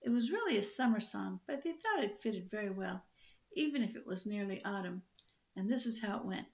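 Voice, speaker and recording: An older woman reading a children's book aloud in a lively, expressive storytelling manner. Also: medium pitch, brisk, highs cut off.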